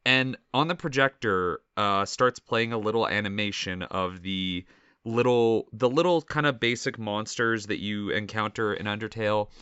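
A man's voice: on the low side, moderate pace, sharp tone, clear, resonant tone, no room sound, dull audio. A man chatting casually as a podcast co-host, recalling events in a rambling way with fillers. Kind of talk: casual chat.

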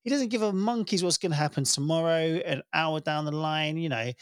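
Man, 30s, podcast co-host, lively storyteller, dry close recording. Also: fairly high pitch, a little fast, clear, resonant tone, no room sound. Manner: laughs often, animated storytelling. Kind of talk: casual podcast chat. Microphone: podcast microphone.

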